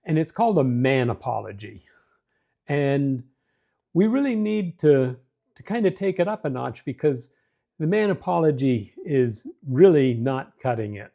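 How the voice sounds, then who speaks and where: An earnest, folksy man hosts a marriage advice show, talking casually to camera with self-deprecating humor, restarts and acted-out quotes. His mid-range voice is gravelly and mellow.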